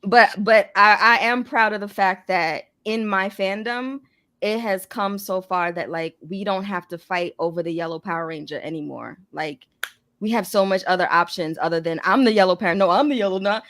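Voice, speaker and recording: A woman's voice: mid-range voice, steady tone, moderate pace, a bit bright. A woman talking earnestly about her kids and fandom in a casual group video chat. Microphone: video call.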